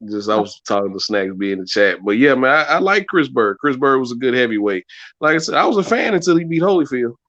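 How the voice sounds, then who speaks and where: A man co-hosting a casual sports talk show in a relaxed way, often repeating and restarting his phrases. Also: medium pitch, quick pace, no room sound, muffled recording. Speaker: podcast co-host.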